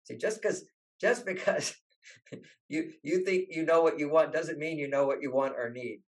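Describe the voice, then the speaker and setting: A man's voice: fairly high pitch, moderate pace. An older man, a relationship author, telling stories in an interview and acting out the people he quotes. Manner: animated, acts out quoted voices. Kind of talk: storytelling interview talk.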